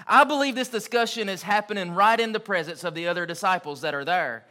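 A man's voice: sits high, quick pace, few pauses, sharp tone. A man preaching an evening sermon in an earnest, emphatic way, repeating key phrases for weight.

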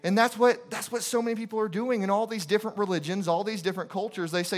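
Male guest preacher, higher-pitched, fervent sermon delivery full of repeated phrases and questions. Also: steady tone, fast talker, few pauses. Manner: impassioned, repetitive preaching with rhetorical questions.

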